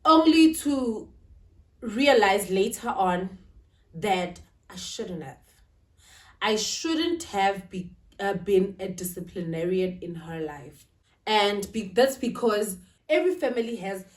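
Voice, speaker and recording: A woman talking to camera about family life in a confiding, emotional way, often asking "right?" and speaking. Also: medium pitch. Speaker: vlogger. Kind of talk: casual talk to camera. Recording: roomy, slightly distant.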